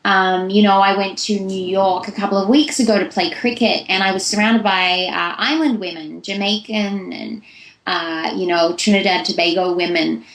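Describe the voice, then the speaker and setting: A woman's voice: mid-range voice, steady tone, moderate pace, a bit bright, echoey room, poor audio. A young woman, a voice actress, giving chatty, long-winded answers in a casual interview. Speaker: voice actress guest.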